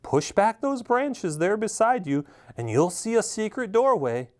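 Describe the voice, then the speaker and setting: A secretive, knowing voice that speaks from under the earth in a bedtime story, as a man reads it out. It is measured and faintly teasing, with lifts high above the narration and a wide, lively pitch range. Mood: instructing. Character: mysterious hidden prince's voice, calm and knowing. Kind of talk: read-aloud storybook voice.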